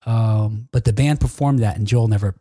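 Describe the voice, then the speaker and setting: A man's voice: lowish voice, normal speed, mellow, no room sound, studio quality. A man co-hosting a casual chat show, telling stories and laughing often. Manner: chatty storyteller, laughs often. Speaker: podcast co-host.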